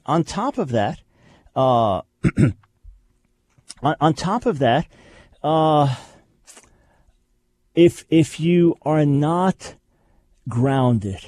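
A man's voice: mid-range voice, a little mellow, no echo. A man hosting a radio talk show, teaching in an emphatic way and repeating his key phrases.

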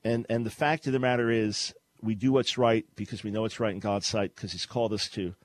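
A man's voice: lowish voice, fairly even intonation, fairly quick, no room sound. Earnest male radio talk host, dry sound. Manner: earnest preaching delivery with repeated restarts. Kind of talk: call-in radio talk and teaching.

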